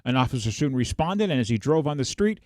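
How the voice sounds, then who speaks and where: Animated man reading funny headlines. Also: medium pitch, fast, no room sound, clean studio sound. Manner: animated, laughs while reading. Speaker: podcast host. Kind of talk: casual podcast chat, reading headlines.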